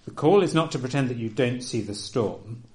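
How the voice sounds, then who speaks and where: A man preaching a sermon, earnest and emphatic, often dropping to a soft, quiet delivery. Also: mid-range voice, lively intonation, normal speed.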